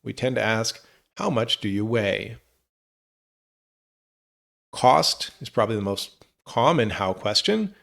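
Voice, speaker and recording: A man teaching English, reading example questions slowly and clearly for learners. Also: on the low side, very animated, fairly bright tone. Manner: slow, clear model phrases for learners. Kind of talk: scripted lesson narration.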